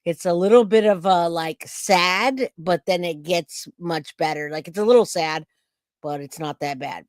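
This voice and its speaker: A woman's voice: fairly low pitch, unhurried, no room sound, clean studio sound. A woman in her forties hosting a live reaction stream, chatting and joking with her viewers. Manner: chatty, jokey, reads out chat comments. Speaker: livestream reaction host. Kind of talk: casual live-stream chat.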